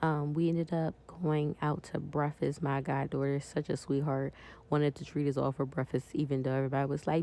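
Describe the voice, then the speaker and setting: A woman's voice: low-pitched, little pitch movement, a little fast, mellow. A woman vlogger chatting casually to her viewers as she decorates a planner, talking straight to them. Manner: chatty, talks directly to viewers.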